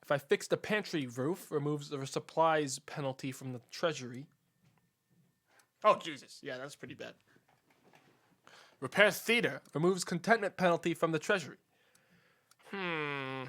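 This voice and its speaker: Bright-voiced joking male streamer. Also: on the high side, normal speed, pauses often. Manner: profane, joking, rambling. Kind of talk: gameplay commentary.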